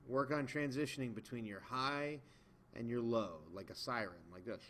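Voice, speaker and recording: A man of ordinary pitch gives a patient, step-by-step video lesson to beginning players. He demonstrates as he talks, with relaxed fillers and gentle checks for understanding. A faint hiss of noise sits under the recording. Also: normal speed. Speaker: music teacher. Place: indoors, in front of a camera.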